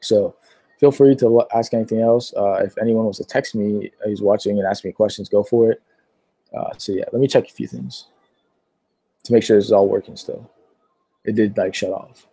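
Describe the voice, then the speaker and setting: A man of about nineteen answering viewer questions on a casual livestream, rambling and filling pauses with lots of "uh"s. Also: fairly low pitch, fairly even intonation, mellow, breathy edge, dry recording. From Pittsburgh, Pennsylvania. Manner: rambling, filler-heavy, many "uh"s.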